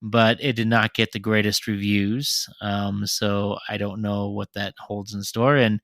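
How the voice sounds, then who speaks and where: A man co-hosting a casual podcast, talking hesitantly with many pauses and restarts. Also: lowish voice, level tone, fairly bright tone, no room sound, studio quality. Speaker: podcast co-host. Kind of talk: casual chat.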